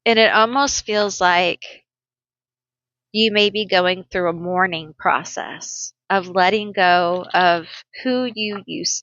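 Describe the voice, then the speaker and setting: Woman doing a tarot reading, bright voice, slow chatty talk, kinda dull dry audio. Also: medium pitch, no echo. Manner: chatty, emotional, thinking aloud while pulling cards. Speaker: tarot reader. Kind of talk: casual tarot reading to viewers.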